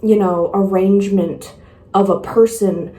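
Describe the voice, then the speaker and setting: A woman's voice: mid-range voice, steady tone, unhurried, warm tone. A woman vlogger talking casually to camera, candid and rambling, speaking frankly about herself. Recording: echoey room.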